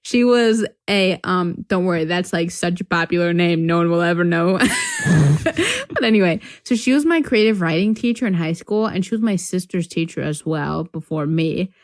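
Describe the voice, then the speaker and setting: A young woman from North Carolina, USA, co-hosts a podcast and tells a long, filler-heavy story in casual chat, laughing often. Her voice is fairly low and animated, at a moderate pace, recorded with studio quality and no echo.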